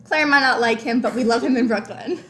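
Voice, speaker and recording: A woman co-hosting a movie podcast in casual chat, gushing and chatty with many fillers, breaking into excited squeals. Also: fairly quick, a little hiss or hum. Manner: bursts of excited high squeals.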